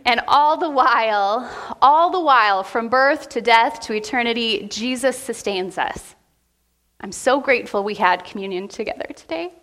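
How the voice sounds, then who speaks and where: A woman pastor preaching a heartfelt sermon to her church, speaking with emotion and deliberate pauses. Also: fairly high pitch, fairly bright tone. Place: church sanctuary.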